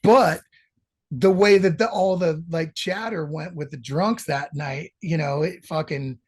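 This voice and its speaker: A middle-aged man with a husky, slightly raised voice tells rambling road stories full of swearing. His delivery is animated and loose, a musician guest in a casual interview. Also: fairly high pitch, unhurried. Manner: profane, rambling, animated storytelling.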